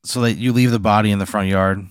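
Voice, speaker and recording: A man hosting and casually narrating an improvised scenario step by step, in a deadpan way. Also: on the low side, fast talker, dry recording, studio quality. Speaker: host running an improvised scenario.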